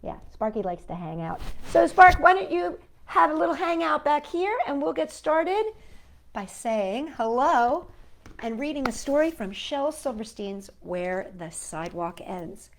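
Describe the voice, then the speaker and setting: A woman hosting a children's storytime, talking gently to a puppet and to young viewers. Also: sits high, sing-song, unhurried, a little hiss or hum. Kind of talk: storytime reading and sing-along for children.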